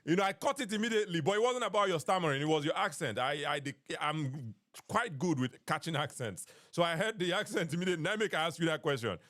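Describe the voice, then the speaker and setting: A man's voice: a little high, expressive, fast, few pauses, fairly bright tone, dry recording, studio quality. A man with a Nigerian accent hosting a live call-in podcast, mixing in Pidgin and often repeating his phrases. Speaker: podcast host. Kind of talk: live-stream call-in chat.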